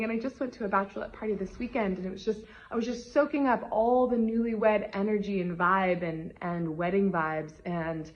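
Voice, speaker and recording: A woman love coach in a motivational vlog, talking straight to her audience. She is gushing and emphatic, keeps asking "right?", and speaks at a mid pitch. The sound is a little dull and lo-fi.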